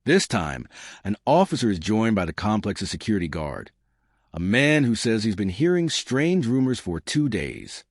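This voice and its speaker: A man's voice: on the low side, big pitch swings, moderate pace, dry recording, studio quality. A man reading scripted true crime documentary narration in a dramatic, suspenseful storytelling manner.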